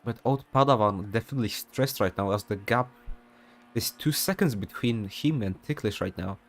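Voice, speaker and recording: Casual, rambling sim racing commentator. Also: male voice, lowish voice, moderate pace. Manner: casual, rambling, many fillers and asides. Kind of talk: live race commentary.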